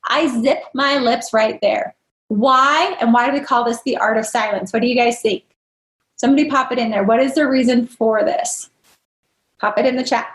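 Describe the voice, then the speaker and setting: Upbeat high-voiced woman leading a workshop. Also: moderate pace, reverberant. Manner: upbeat, coaxing, quizzes the audience. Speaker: dental practice trainer leading a live workshop. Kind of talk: interactive online training.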